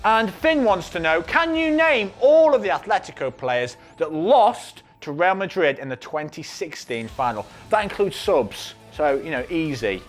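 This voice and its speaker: A man hosts a football quiz with mock excitement and dry sarcasm. His voice sits high and leaps around a wide range. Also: unhurried, few pauses, soft background music. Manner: over-the-top excitable and sarcastic. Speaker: quiz question reader.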